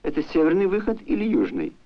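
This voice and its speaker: A man's voice: high-pitched, huge pitch swings, fast talker, a little hiss or hum. A man with a Russian accent carefully reading example phrases for an educational film. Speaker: demonstration speaker. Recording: dull lo-fi film soundtrack, distant mic.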